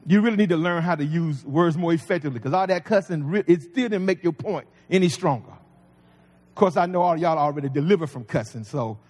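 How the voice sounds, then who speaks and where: A man's voice: fairly high pitch, fairly quick, a little mellow. A man preaching a sermon as pastor, folksy and conversational with humor. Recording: long reverb of a large hall.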